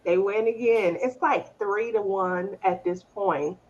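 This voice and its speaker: A middle-aged woman hosting a casual chat, telling animated stories and laughing often. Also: medium pitch, slow pace, highs cut off. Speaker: host.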